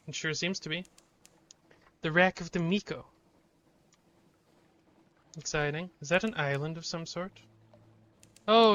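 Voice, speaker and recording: A man's voice: fairly high pitch, sharp tone, dull audio. A man streaming a video game live, reading its text aloud and reacting with sudden swearing.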